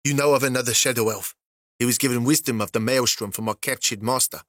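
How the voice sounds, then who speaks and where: A man's voice: mid-range voice, fast, fairly bright tone, no room sound, clean studio sound, lightly acted. A man doing a muffled shadow elf assassin. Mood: solemn. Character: tall male shadow elf assassin, secretive.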